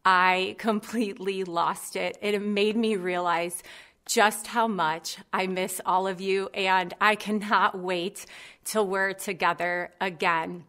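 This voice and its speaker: A woman's voice: medium pitch, steady tone, slow, fairly bright tone. A woman in her thirties giving a heartfelt, personal sermon. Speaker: preacher.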